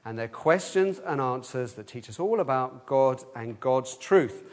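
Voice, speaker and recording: A man leading a children's talk in church, lively, asking the room questions and leading call-and-response answers. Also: mid-range voice, measured pace. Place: church hall. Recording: long hall reverb.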